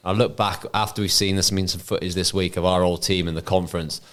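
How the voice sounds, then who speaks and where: Low-voiced man telling anecdotes. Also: fairly even intonation, a bit bright. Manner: measured anecdote-telling with hesitant fillers. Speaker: podcast co-host, ex-footballer. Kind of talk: casual chat.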